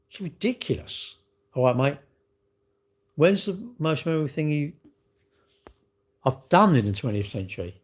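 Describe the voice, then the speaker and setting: A middle-aged British man talks in casual chat on his livestream, answering chat questions in a rambling, blunt, slangy way. His voice sits a little high for a man and swings up and down with lively intonation. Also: normal speed, pauses often.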